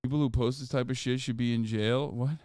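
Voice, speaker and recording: A man's voice: mid-range voice, fairly even intonation, fairly quick, a little mellow, no room sound, clean studio sound. A man streaming live, reading news aloud and reacting with profane, exasperated rants.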